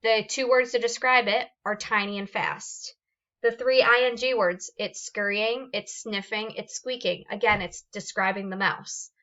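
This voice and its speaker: A woman's voice: medium pitch, fairly even intonation, a little slow, bright, forceful tone, lo-fi sound. A woman teacher explaining poetry forms step by step in a recorded lesson, reading examples aloud with fillers and restarts.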